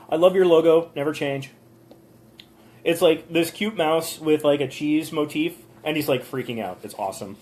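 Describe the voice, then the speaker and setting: Speaking from a motel room on his phone, this man runs a live stream where he casually goes over channel reviews sent in by viewers. His mid-range voice is a little mellow. He rambles chattily, drops plenty of ums, and slips into the odd mini-rant.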